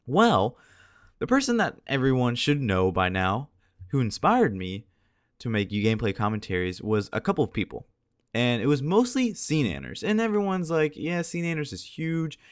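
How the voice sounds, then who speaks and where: A man's voice: mid-range voice, wildly swooping pitch, normal speed, dry recording, clean studio sound. A teenage boy chatting casually over gameplay as a video commentator, tired and a little scratchy-voiced, rambling along and laughing at himself. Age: teens.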